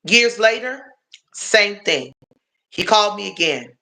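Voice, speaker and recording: Slow, bright-voiced woman sharing her story. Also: medium pitch, animated. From Washington, D.C. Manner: earnest, confiding, addresses viewers directly. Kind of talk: emotional personal testimony on a livestream.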